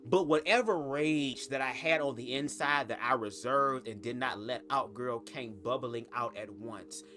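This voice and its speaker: A man's voice: a little slow, sharp tone. A young man telling a personal story to camera in a casual, sassy, profane way. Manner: profane, sassy, emphatic with big pitch swings. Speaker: storytime vlogger.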